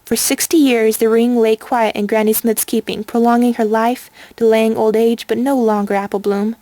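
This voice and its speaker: A woman narrating a fan-written story in a calm, measured way on a close home mic. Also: fairly high pitch, dry recording. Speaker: audiobook reader.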